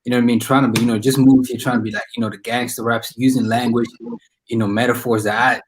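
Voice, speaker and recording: A man's voice: mid-range voice, level tone, fast talker, a little hiss or hum, low-quality recording. A young man from Cameroon with a Cameroonian accent, chatting casually as an interview guest and filling his talk with "you know what I mean". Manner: laid-back, many "you know what I mean" fillers. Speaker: guest musician and podcast host.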